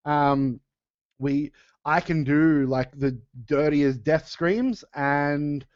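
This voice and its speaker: A man who co-hosts a podcast and sings in a metal band chats casually, laughing often and restarting his sentences. His voice is a little high and extremely slow, with a clean tone. The recording is dry and has a dull lo-fi sound.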